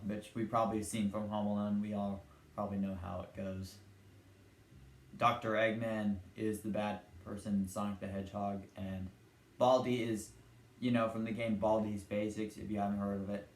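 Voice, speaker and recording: A young man with a somewhat low voice talks to camera in a loose, meandering way, stringing scenes together with lots of "and then". He slips into quick put-on voices for characters. The sound is roomy and echoey, with a faint hum of ambient noise behind him. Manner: meandering, retells cartoon scenes and puts on short character voices. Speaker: channel host. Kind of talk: casual rambling vlog talk.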